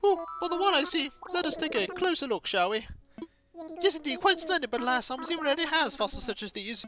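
A woman doing a fussy old male owl curator in a video game, gushing and prim, pitched high with an animated, fluttery lilt. His polished, old-fashioned phrasing comes through bright and clear, with faint music underneath. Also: quick pace. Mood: delighted.

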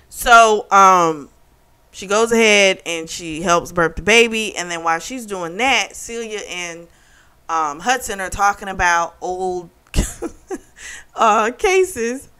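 Woman book reviewer, chatty and giggly, bright and smooth tone, retelling plots. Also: medium pitch, animated, slow pace. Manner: chatty plot retelling, laughing often. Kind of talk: casual chat.

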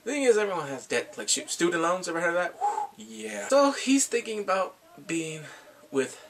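Vlogger guy retelling a drama plot, lively pitch swings, a touch of vocal fry, slightly higher voice. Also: moderate pace, background noise. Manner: animated storytelling, frequent laughs. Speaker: drama reviewer. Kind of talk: casual recap chat.

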